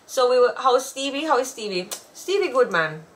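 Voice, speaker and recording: A woman's voice: sits high, very animated, normal speed, a little hiss or hum. A woman, co-hosting a casual chat show and telling stories with frequent laughter. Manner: chatty, laughing storyteller. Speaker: podcast co-host.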